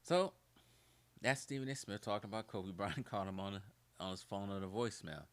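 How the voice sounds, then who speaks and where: A man hosting his own channel, giving casual opinion commentary in an animated, ranting way. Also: fairly low pitch, a little fast, faint music behind. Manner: animated, ranting, laughs often.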